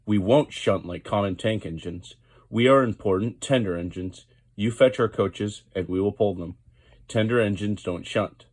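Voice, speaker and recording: A man's voice: lowish voice, normal speed, darkish tone, husky. A man voicing a rude, proud big tender engine in a storybook reading. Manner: rude and haughty.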